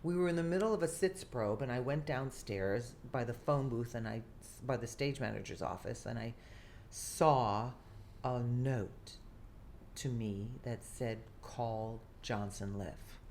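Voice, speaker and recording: An older woman, an actress telling a lively story from her career in an interview, often acting out what people said. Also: extremely low pitch, unhurried, slight background noise. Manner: animated, theatrical storyteller who acts out quotes. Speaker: guest actress.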